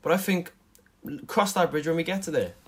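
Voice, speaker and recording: A man's voice: on the high side, fairly quick, a bit bright, slightly rough. A man co-hosting a podcast, giving his opinion in an easygoing, noncommittal way. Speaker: podcast co-host. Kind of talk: casual chat.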